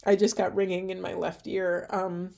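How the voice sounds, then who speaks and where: A woman giving a spiritual card reading in an earnest, emotional way, asking gentle questions, her voice going hoarse. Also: fairly low pitch, level tone, moderate pace. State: losing her voice. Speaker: tarot and oracle reader.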